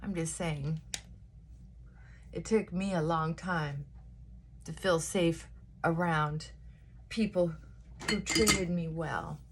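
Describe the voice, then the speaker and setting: A woman's voice: low-pitched, takes it slowly, pauses often, slight background noise. A woman vlogging a casual morning chat, sassy and chatty, short on sleep and punchy, giving herself a pep talk.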